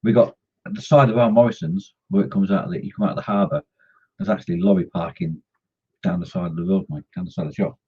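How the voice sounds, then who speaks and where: Chatty man, husky muffled voice. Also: deep voice, steady tone, fast. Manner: chatty, greets viewers by name, jokey. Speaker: scale model hobby streamer. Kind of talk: casual live-stream chat while modelling.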